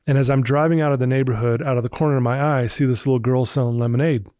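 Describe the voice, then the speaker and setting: A man's voice: medium pitch, steady tone, racing, darkish tone, no room sound, clean studio sound. A man in his fifties, a podcast guest, telling his personal recovery story in an earnest, emotional way.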